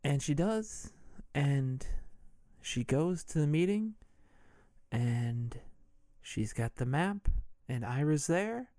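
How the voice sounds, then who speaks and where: Unhurried, jokey male podcast host. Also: on the high side, lively intonation, warm tone, no echo, studio quality. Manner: irreverent, jokey, swears freely. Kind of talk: casual movie recap.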